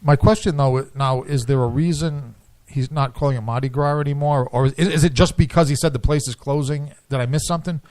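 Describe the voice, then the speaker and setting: A man's voice: on the high side, a little mellow. Man, radio co-host, wisecracking, playful banter, studio chat. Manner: wisecracking, quick jokes.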